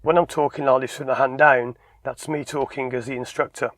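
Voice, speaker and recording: A man's voice: medium pitch, flat delivery, a little fast, a bit bright, dry recording. A man, a driving instructor giving a tips video, talking emphatically and acting out short bits of dialogue. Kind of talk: direct-to-camera instructional talk.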